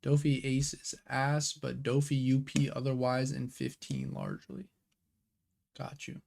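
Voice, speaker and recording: A young man hosts a live stream, chatting loosely and excitedly in slang as he reads viewers' questions aloud and answers them. His voice has a gravelly, fry-edged texture at an ordinary middle pitch. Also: unhurried. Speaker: streamer hosting a card game watch party. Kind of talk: casual live-stream chat.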